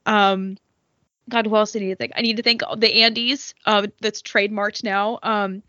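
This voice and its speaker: A woman's voice: mid-range voice, level tone, moderate pace, sharp tone, dry recording, muffled recording. A woman co-hosting a podcast in casual chat, emotional and rambling, with lots of fillers and swearing. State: tearful. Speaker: podcast co-host.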